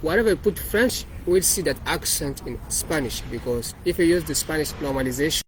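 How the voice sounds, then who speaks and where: A developer presents his project in a casual code walkthrough, rambling and repeating or restarting phrases. His voice is a little high, animated, and fairly quick. The rough recording has a little hiss or hum.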